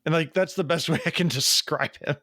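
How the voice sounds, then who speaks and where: A man in his forties hosting a podcast in casual chat, fast and prone to tangents and self-interruptions. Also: on the high side, bright, forceful tone, no echo, studio quality. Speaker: podcast host.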